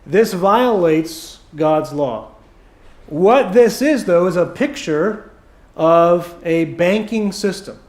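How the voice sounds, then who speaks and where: Hoarse, high-voiced preacher in an echoey church. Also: male voice, lively intonation, a little mellow. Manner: emphatic preaching, slowing for stress. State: hoarse throat. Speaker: pastor. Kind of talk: sermon. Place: church sanctuary.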